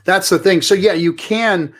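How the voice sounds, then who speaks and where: A man's voice: high-pitched, steady tone, normal speed, a bit bright. A man co-hosting a casual crypto chat show, laid-back and joking, repeating phrases as he talks. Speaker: co-host.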